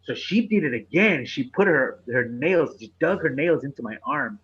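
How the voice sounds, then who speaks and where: A man, a comedian, casually telling a profane story on a podcast, getting animated and laughing through the punchline. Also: fairly high pitch, normal speed, breathy edge, highs cut off.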